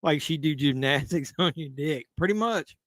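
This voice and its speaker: A man's voice: a little high, moderate pace, fairly bright tone, no room sound. A man hosting a live movie watch-along, making casual commentary full of crude jokes. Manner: crude joking banter. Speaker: live-stream host.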